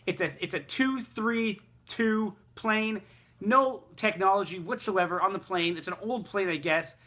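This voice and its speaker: Guy ranting about his trip, bright sharp voice, swears a lot, rambles. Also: sits high, measured pace. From Quebec, Canada. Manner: rambling, profane, exasperated. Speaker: vlogger. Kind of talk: casual storytelling rant.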